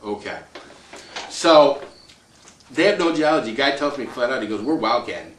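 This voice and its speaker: A man tells a rambling personal story, chuckling as he goes and acting out what others said. His voice sits at an ordinary middle pitch. The mic is some way off in an echoey room, with a faint hiss underneath. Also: expressive, normal speed. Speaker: landowner telling his story. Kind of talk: casual spoken storytelling. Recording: roomy echo, distant mic, faint noise.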